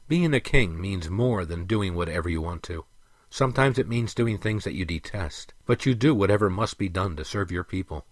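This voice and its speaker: A man's voice: deep voice, lively intonation, dry recording. A man voicing a stern, weary elf king. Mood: earnest. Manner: firm, measured, lecturing.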